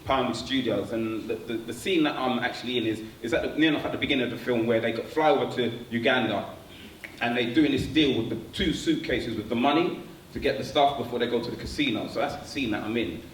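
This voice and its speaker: A man telling a stand-up story, animated and slangy, laughing at his own jokes. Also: mid-range voice, fast talker. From London. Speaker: stand-up comedian. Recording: echoey room, distant mic, faint noise.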